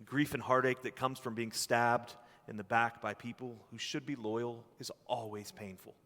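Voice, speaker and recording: A man's voice: mid-range voice, steady tone, a bit bright. Man preaching in a reverberant church. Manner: earnest, with long pauses and some restarts. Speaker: pastor. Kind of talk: sermon. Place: church sanctuary.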